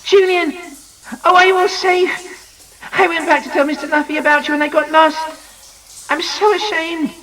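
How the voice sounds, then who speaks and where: A man's voice: very high-pitched, fairly even intonation, normal speed, pauses often, bright, forceful tone, echoey room, distant mic, slight background noise, voice pushed up, low-quality recording. A man voicing an eager young girl in an audiobook, breathless and gushing. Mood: relieved.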